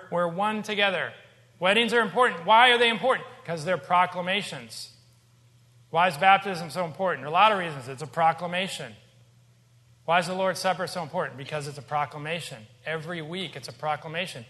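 A man's voice: high voice, fairly quick, sharp tone. A man preaching a sermon as pastor, conversational and emphatic, with joking asides. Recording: long hall reverb.

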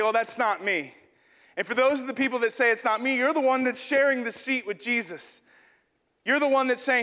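A man's voice: high voice, sharp tone, big-room sound. A man preaching a sermon in a church, playfully acting out an illustration with a volunteer on stage. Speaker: pastor. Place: church hall.

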